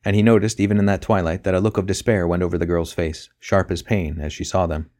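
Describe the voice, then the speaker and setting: A man narrating a novel as an audiobook in a steady, measured reading. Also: low-pitched. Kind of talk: scripted narration.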